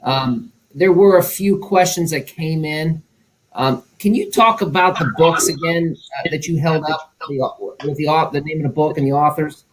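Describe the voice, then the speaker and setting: A man hosts an event in a relaxed, friendly way and leans on lots of fillers. His voice sits a little high, with a faint hiss behind it. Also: moderate pace, rough recording. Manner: friendly, easygoing and full of fillers. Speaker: event host. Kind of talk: casual chat.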